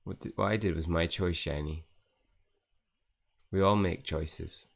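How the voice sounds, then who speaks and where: A kindly young ghost speaks softly, read aloud by a man in a deep, gravelly voice. The tone stays calm and reassuring, like a friend who never left. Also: a little slow, heavily acted. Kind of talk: reading game dialogue aloud.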